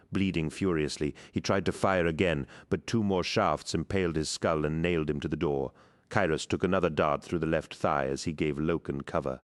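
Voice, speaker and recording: A man narrating an action audiobook in a measured, dramatic reading. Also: rumbling low. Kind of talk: scripted narration.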